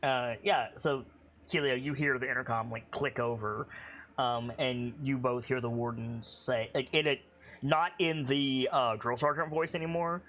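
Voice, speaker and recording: A man's voice: medium pitch, steady tone, a little slow, fairly bright tone. A man narrating as game master, describing scenes loosely with many fillers.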